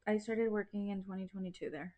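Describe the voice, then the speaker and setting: A woman's voice: mid-range voice, fairly even intonation, fast, darkish tone, no room sound. A woman in her thirties, a guest on a casual podcast, chatting and laughing between her words. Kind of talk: casual chat.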